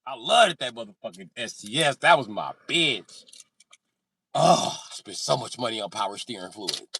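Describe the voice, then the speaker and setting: A man's voice: mid-range voice, big pitch swings, normal speed, creaky, pushed and bright, husky. A man telling profane stories casually on a live stream, acting out sounds and voices. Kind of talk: casual storytelling.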